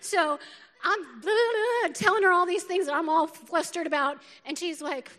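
Feisty high-voiced woman preaching in a hall. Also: moderate pace. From northern United States. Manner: lively, feisty, laughs often. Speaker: pastor. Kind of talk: sermon. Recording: long reverb of a large hall.

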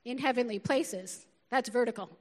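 Middle-aged woman pastor, feisty and lively sermon delivery with quick laughs; high voice, big reverberant church hall. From northern United States. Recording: long reverb of a large hall.

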